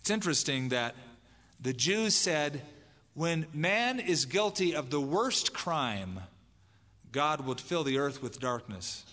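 A man's voice: fairly high pitch, big pitch swings, slow pace, sharp tone. A man preaching a sermon as pastor, emphatic, dramatizing the lines he quotes. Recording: long hall reverb.

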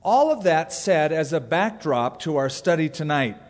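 A man's voice: a little high, lively intonation, moderate pace. Male pastor, casual storytelling sermon, wry humor, reverberant hall. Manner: conversational storytelling with dry humor.

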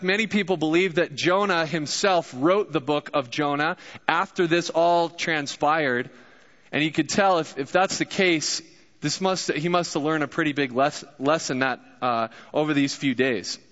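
A young man preaches with a bright, forceful voice, chatting casually and joking with the congregation. His voice rings through a large church hall with a long echo, and the recording sounds a little dull. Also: a little high. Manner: casual, joking, addresses crowd directly. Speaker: guest pastor. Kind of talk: sermon.

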